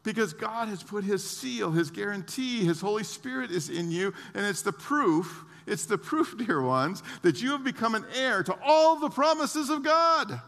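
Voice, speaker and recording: Preacher in an echoing hall. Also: male voice, sits high, lively intonation, normal speed, creaky, few pauses, bright, forceful tone. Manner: conversational preaching with frequent restarts and acted-out quotes. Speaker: pastor. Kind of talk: sermon. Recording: long reverb of a large hall.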